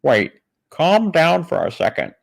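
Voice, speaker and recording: A man's voice: a little high, wildly swooping pitch, unhurried, gravelly, voice pushed up, exaggerated voice. Man putting on a chirpy folksy storyteller. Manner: chirpy, raised sing-song delivery. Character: cheery folksy male storyteller hero.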